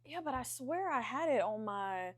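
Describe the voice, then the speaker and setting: A woman's voice: on the high side, lively intonation, moderate pace. Blunt, profane young Southern woman. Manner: blunt and profane, eggs on stories. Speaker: podcast host. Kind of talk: casual chat.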